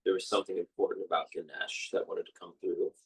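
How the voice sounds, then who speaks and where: A man co-hosting a casual spiritual conversation, excited and affirming, calling his partner "bro". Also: deep voice, fast. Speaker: podcast co-host. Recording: distant from the mic.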